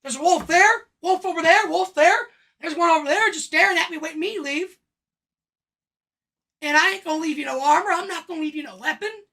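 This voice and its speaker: A man's voice: extremely high pitch, a little fast, gravelly, pushed and bright, recorded from a distance, exaggerated voice. A man putting on a mocking voice of an indifferent male creator who abandons him.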